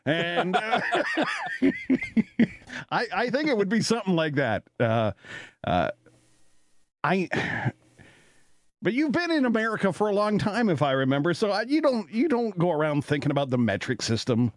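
A man's voice: sits high, moderate pace, long pauses, dry recording, clean studio sound. A Canadian man hosting a casual talk show, telling stories in a rambling way with lots of fillers and laughter. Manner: rambling, animated, laughs often, many fillers. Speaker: radio talk show host. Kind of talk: casual storytelling chat.

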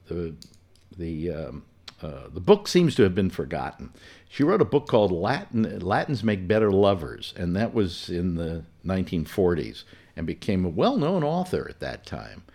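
A man recalls personal memories in a loose, rambling way, filling his story with fillers and self-corrections. His voice sits low and a little mellow, swings widely in pitch, and moves at a moderate pace.

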